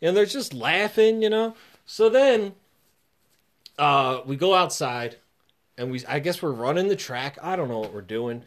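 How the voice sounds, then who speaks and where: A man telling a long story in casual chat, animated and often laughing, acting out voices. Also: fairly high pitch, a little slow.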